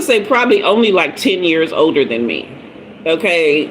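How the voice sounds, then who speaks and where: A woman's voice: low-pitched, very animated, moderate pace, slight background noise, poor audio. A middle-aged woman, hosting a casual livestream as a tarot reader, chatting and telling stories with frequent laughter. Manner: chatty storyteller, laughs often, greets commenters by name. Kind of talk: casual live-stream chat.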